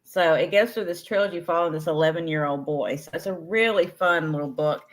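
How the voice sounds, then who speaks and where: A woman's voice: sits low, brisk. A woman co-hosting a live online sale, chatting casually about books with fillers.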